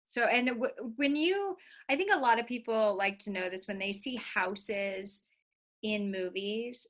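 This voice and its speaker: A woman's voice: mid-range voice, unhurried, fairly bright tone. A woman hosting an interview podcast, asking curious questions and reacting with short interjections. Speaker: podcast host.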